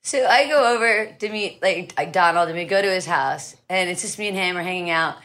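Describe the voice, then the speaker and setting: A middle-aged woman telling a story in a casual chat, excitable and laughing often. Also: lowish voice, brisk. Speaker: podcast guest.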